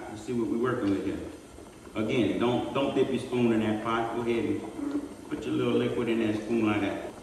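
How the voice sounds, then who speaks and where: A man's voice: medium pitch, darkish tone. A man hosting a casual cooking demonstration, chatting folksily and straight to the viewers while filming on a handheld phone. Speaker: cook and host. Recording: roomy distant sound, faint background noise.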